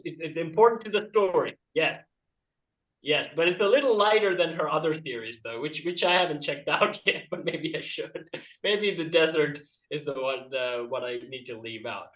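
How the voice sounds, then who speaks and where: Rambling comedian on a distant call. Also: male voice, on the high side, lively intonation, normal speed, echoey room, lo-fi sound. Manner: rambling and self-amused, laughing at his own jokes, with jumpy shifts in loudness. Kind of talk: stand-up comedy bit over a video call.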